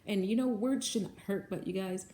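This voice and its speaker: A woman's voice: medium pitch, moderate pace, dark tone. A woman who manages a bagel shop, telling a story to her viewers in a casual vlog, earnest and repetitive, often calling them guys. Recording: echoey room, faint background noise.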